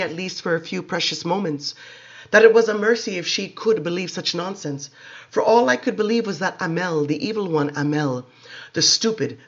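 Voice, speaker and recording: A man giving expressive, measured dramatic audiobook narration, on a dull lo-fi recording. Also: high-pitched.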